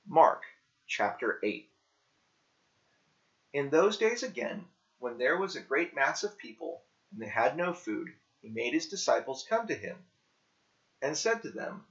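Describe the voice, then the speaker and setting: A man reading scripture aloud slowly and carefully, in simple language for learners. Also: mid-range voice, very animated, fairly bright tone. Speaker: scripture reader. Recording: dull lo-fi recording.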